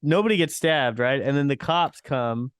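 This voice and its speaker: Smooth-voiced man, dry close mic. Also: mid-range voice, lively intonation, normal speed, dry recording. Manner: chuckling, swears freely, trips over restarts. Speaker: podcast co-host. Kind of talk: casual comedic chat.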